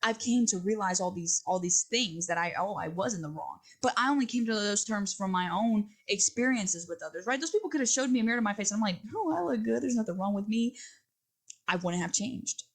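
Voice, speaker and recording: A woman's voice: medium pitch, lively intonation, fairly quick, few pauses. A woman hosting a solo podcast, talking in a rambling, earnest and self-reflective way, acting out little quoted exchanges as she goes. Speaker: podcast host.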